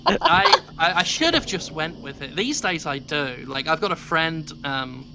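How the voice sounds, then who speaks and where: A man's voice: on the high side, sing-song, unhurried, creaky, background noise. A young English man chatting casually as a stream guest, rambling and self-deprecating with many restarts. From England.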